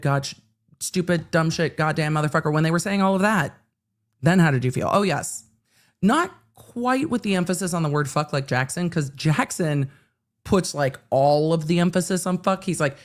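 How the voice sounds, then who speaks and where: A woman hosting a casual livestream about a court case, telling stories in a lively, swearing, animated way. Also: deep voice. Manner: animated, swearing, storytelling with acted quotes. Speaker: legal commentary livestream host.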